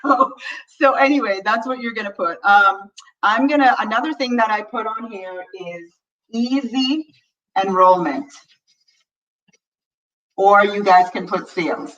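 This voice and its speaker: A woman's voice: mid-range voice, expressive, measured pace, pauses often, a bit bright, far from the mic, lo-fi sound. A woman coaching a live audience in a chatty, upbeat way, talking straight to her listeners. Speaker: money mindset coach. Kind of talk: live teaching session to an audience.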